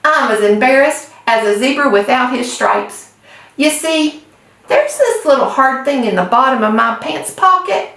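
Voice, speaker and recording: A woman's voice: high-pitched, animated, measured pace, fairly bright tone. Woman reading a children's story aloud. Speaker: storybook reader. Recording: echoey room, distant mic.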